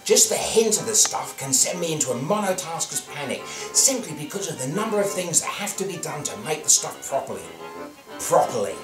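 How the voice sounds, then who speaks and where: A man's voice: fairly high pitch, a little fast, few pauses, rough recording. Wry Australian man with music behind. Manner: wry, mock-grand deadpan delivery. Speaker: comic narrator. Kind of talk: scripted comic monologue.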